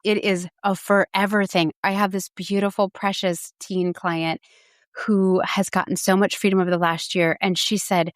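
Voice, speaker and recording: Middle-aged woman guest, animated storyteller, quick laughs, dry close sound. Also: medium pitch, dry recording. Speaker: registered dietitian guest. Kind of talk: podcast interview conversation.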